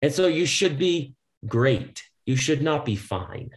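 A man's voice: fairly high pitch, very animated, takes it slowly. A male motivational speaker talking as a podcast guest, emphatic and preachy. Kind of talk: podcast conversation.

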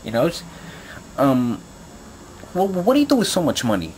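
With a mid-range voice whose pitch swoops wildly, a male video blogger rants to his viewers at normal speed, his tone a little mellow despite the heat and profanity. He rambles, repeating himself and filling gaps with fillers, over slight background noise.

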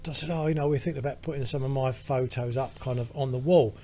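A man's voice: medium pitch, fairly even intonation, fast, mellow, a little hiss or hum. A British man, a podcast co-host, telling a long rambling story in casual chat with lots of fillers. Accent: British English.

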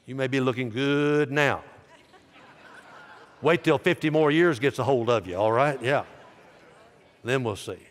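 Impassioned preacher in a big hall. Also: male voice, medium pitch, unhurried, long pauses. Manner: impassioned preaching, rising loud then dropping soft. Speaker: pastor. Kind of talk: sermon. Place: large church sanctuary. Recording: live sanctuary with long reverb.

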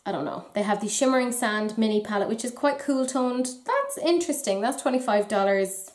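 A woman's voice: on the high side, lively intonation, fairly quick. Chatty Irish woman in a roomy room. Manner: chatty, wry, self-deprecating asides. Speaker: beauty vlogger. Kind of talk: casual chat about makeup releases.

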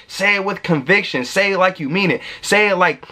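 A man's voice: high voice, a little fast, pushed and bright. A young man hosting a self-help video, talking casually and emphatically to his viewers, with slang and the odd swear word. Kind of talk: casual motivational talk.

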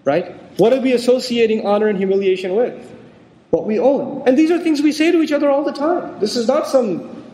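A man's voice: very high-pitched, lively intonation, fairly quick, mellow. Guy teaching quran in a big echoey hall, talks casual, does little voices for quotes. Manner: conversational, acts out quoted voices. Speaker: Quran lecturer. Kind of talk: religious lecture. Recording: echoey hall with long reverb.

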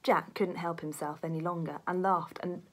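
A woman teacher reading a children's book aloud to pupils with an expressive storytelling manner. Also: lowish voice, moderate pace, slight background noise.

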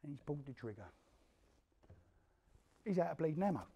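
In this theatrical piece, a London-accented actor gives a full character voice to a spiteful gangster who crudely recounts a savage feud, swearing and acting out the events with grim pride. His pitch sits on the high side, and he speaks briskly and animatedly with vocal fry and a warm, husky tone. The recording sounds muffled.

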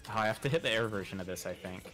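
A man's voice: on the low side, rapid-fire, pushed and bright. A man from Canada playing a fighting game on stream, laughing and calling out his moves. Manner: laughing play-by-play while playing. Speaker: gamer. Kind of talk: casual gaming stream chat.

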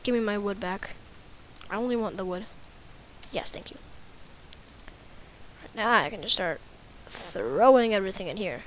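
A woman's voice: medium pitch, normal speed, long pauses, slight background noise. A woman giving casual, rambling, self-mocking commentary while playing a video game. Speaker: gaming YouTuber.

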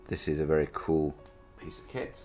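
A British man with an unusually deep, low-pitched voice talks through a gadget unboxing in a loose, chatty way. He thinks aloud and pokes fun at himself. Quiet music plays faintly underneath. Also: little pitch movement, moderate pace. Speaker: reviewer presenting an unboxing. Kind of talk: casual product demonstration.

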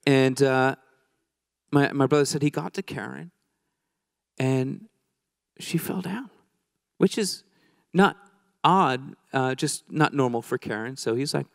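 A man's voice: mid-range voice, slow pace, creaky, long pauses, dry recording, clean studio sound. A man preaching a sermon in a conversational, joking way, telling a story and acting out the people in it. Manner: conversational, joking, acts out quoted voices.

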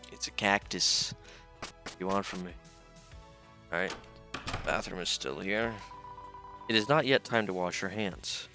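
A man's voice: sits low, sharp tone. A young man casually joking and reading game text aloud as he plays. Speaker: gaming channel host. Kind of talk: casual let's-play commentary.

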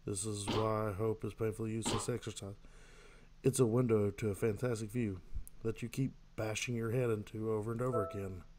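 A man's voice: lowish voice, fairly even intonation, a little fast, background noise. A man doing let's play commentary, reading in-game texts aloud and answering them with jokes. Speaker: gamer.

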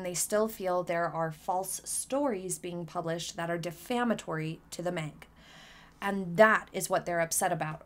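A woman in early adulthood runs her own commentary channel, speaking a little above the usual pitch. Her scripted remarks are blunt and scornful, and she lectures the listener.

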